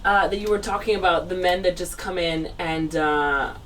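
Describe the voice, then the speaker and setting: A woman's voice: on the low side, moderate pace, a bit bright. A woman host asking rambling, enthusiastic questions in a casual interview. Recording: distant mic with faint ambient noise.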